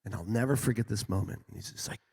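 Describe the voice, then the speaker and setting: A man preaching a sermon as a pastor, telling animated stories about his children. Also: fast talker, gravelly, breathy edge. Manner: animated storytelling, lively swings in pitch. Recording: echoey hall.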